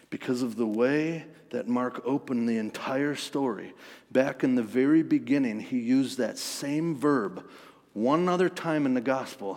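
Male pastor, mid-pitched, dynamic sermon delivery, long hall reverb. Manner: dynamic, swings from hushed storytelling to forceful emphasis.

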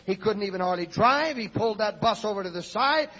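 A man's voice: high voice, expressive, fairly quick, bright, forceful tone, breathy edge. A man preaching a sermon in a church, telling stories in a dramatic, fervent way. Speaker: evangelist preacher. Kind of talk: sermon storytelling. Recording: lo-fi 1970s sermon tape in an echoey hall.

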